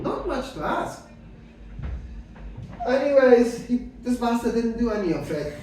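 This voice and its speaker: A middle-aged man from Afghanistan doing stand-up comedy with dry, deadpan delivery, full of hesitant fillers and some crowd work. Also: very high voice, a little slow, long pauses, a little hiss or hum. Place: comedy club stage. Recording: echoey room mic heard from a distance.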